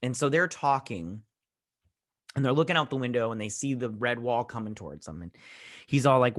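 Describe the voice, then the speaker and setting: A man's voice: mid-range voice, lively intonation, brisk, a bit bright. A man hosting a TV review channel, recapping an episode in a casual, rambling way with lots of fillers and restarts. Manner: heartfelt, saying he feels choked up.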